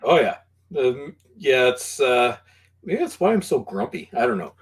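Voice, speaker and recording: A man's voice: medium pitch, sing-song, a little slow, husky. A man with a Canadian accent, a guest in a casual chat, talking hesitantly and poking fun at himself. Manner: hesitant, many fillers and restarts, self-deprecating. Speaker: podcast guest.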